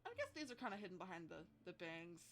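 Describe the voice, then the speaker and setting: Animated woman streaming a game. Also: fairly low pitch, fast. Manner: animated, reacting and joking. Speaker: streamer playing a visual novel. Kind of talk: live game commentary.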